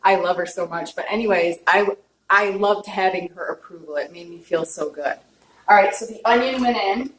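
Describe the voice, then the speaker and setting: A woman's voice: mid-range voice, normal speed, a bit bright. Chatty woman in an echoey kitchen. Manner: chatty, checks in with viewers with "okay?"; openly emotional. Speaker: home cook. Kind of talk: casual cooking demonstration. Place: home kitchen. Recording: echoey kitchen, distant mic, faint noise.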